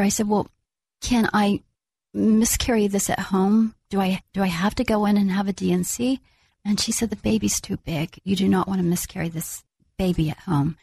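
A middle-aged woman telling her own story as a mother, earnest and reflective, with small restarts and pauses. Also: mid-range voice, a little mellow, husky, no room sound, clean studio sound. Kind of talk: personal storytelling.

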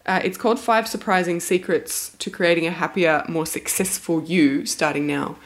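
A very low-pitched woman hosts a relaxed podcast conversation. She talks freely and laughs easily, sounding slightly spaced out. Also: moderate pace. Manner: chatty, laughs often, reads listener offers. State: a little medicated, sounds spaced out. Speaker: podcast host. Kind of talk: casual podcast chat.

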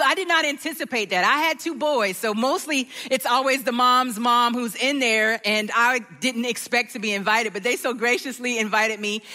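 A middle-aged woman giving a church talk as guest speaker, telling stories in a playful, expressive way. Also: on the high side, big-room sound. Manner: warm storytelling, expressive and playful.

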